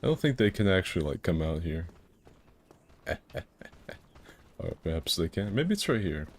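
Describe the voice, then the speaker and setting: A young man from Florida rambles through casual gameplay commentary, cracking crude jokes as he plays. His voice sits very deep and low. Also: big pitch swings, normal speed. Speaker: gaming video host.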